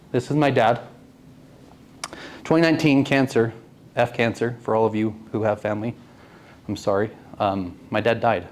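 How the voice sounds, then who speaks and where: A man in his late thirties, with a medium-pitched, darkish voice, tells a personal story to a networking group in a meeting room. He speaks earnestly and often poses questions to his audience.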